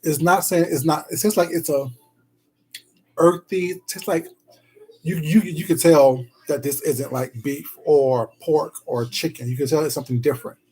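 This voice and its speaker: A man's voice: on the high side, fairly even intonation, moderate pace, warm tone, slightly rough, rough recording. A man live-streaming himself eating, chatting casually and greeting viewers in the chat with pet names like "baby" and "sweetheart".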